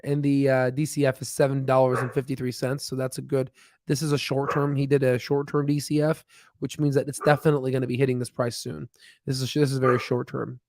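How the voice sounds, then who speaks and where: Casting note: male stock-stream host, middle pitch, loose and rambling, dry close sound. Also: flat delivery, brisk, darkish tone, dry recording. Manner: rambling, filler-heavy, thinks aloud with restarts. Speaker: stock market livestream host. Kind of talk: casual live chat while reading charts.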